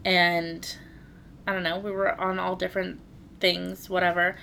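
Animated storytelling woman, lower voice. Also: a little slow, creaky, slight background noise. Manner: animated, swearing, laughing while telling a story. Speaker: podcast co-host. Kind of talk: casual storytelling chat.

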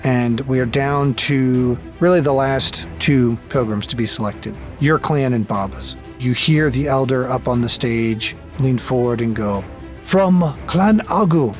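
A man narrating a tabletop game as game master, telling the story in an unhurried, descriptive way. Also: medium pitch.

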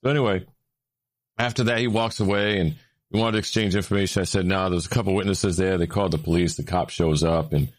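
A man telling a story in casual chat, with lots of fillers, getting louder and higher when he gets worked up. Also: quick pace, dry recording. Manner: animated, rising when worked up, many fillers.

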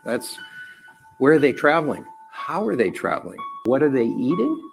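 A man explains his point in a measured, formal presentation, his pitch moving with lively swings. His voice has a gravelly edge, and clear music runs underneath him. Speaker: speaker in a quoted clip. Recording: clip with music behind.

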